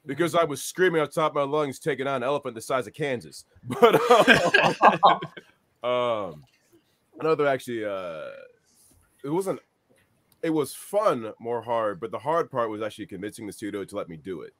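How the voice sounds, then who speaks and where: A man telling a funny story with plenty of energy, his pitch jumping around as he jokes and mimics other people. The recording is dry, close and without any room sound. His voice sits in a middle register. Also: moderate pace, dry recording. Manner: animated, joking storyteller, laughing. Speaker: voice actor guest. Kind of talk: panel Q&A anecdote.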